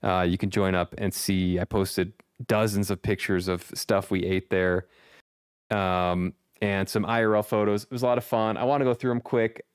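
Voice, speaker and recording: A man's voice: fairly low pitch, level tone, normal speed, clean tone, no echo, studio quality. A man streaming live, chatting casually with his viewers, rambling and repeating himself as he plans the session. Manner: chatty, rambling, repeats phrases, reads chat aloud.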